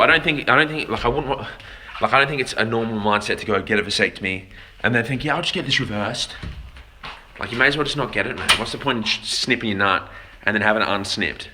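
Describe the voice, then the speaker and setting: A man with a fairly low voice and a sharp tone goes on a blunt, foul-mouthed livestream rant, with slight noise in the background. He takes questions from chat and stumbles by repeating words as he looks for them.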